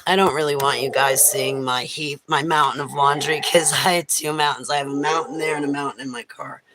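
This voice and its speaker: A man's voice: fairly high pitch, fairly even intonation, a little fast, noisy background. A man vlogging casually from a cluttered room at home on a handheld phone, rambling and cooing baby talk to his pets. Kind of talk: casual home livestream chat. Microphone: handheld phone camera.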